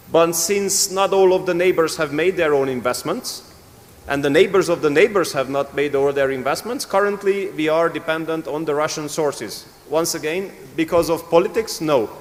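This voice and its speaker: A man, answering on a conference panel in a firm, rhetorical, deliberate way. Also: a little high. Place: conference hall. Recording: long reverb in a conference hall.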